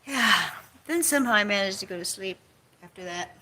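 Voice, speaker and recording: A woman's voice: mid-range voice, animated, a little fast, bright, forceful tone. A woman vlogging from home in a rambling casual chat, sarcastic and swearing, jumping between topics and mocking people in put-on quotes. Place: home, on couch or bed.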